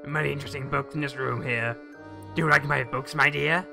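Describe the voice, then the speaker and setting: A man voicing a sinister male salesman who speaks in a suave, deliberate way. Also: mid-range voice, steady tone, vocal fry, over music, close to an everyday voice.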